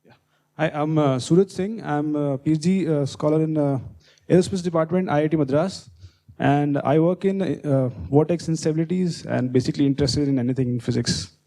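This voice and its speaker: Male PhD scholar, warm voice. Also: fairly high pitch. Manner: halting, many fillers. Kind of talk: self-introduction.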